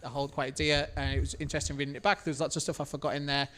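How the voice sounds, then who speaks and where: A man's voice: a little high, little pitch movement, rapid-fire, fairly bright tone. A man hosting a live podcast, telling rambling anecdotes. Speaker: podcast host. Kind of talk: casual live podcast chat.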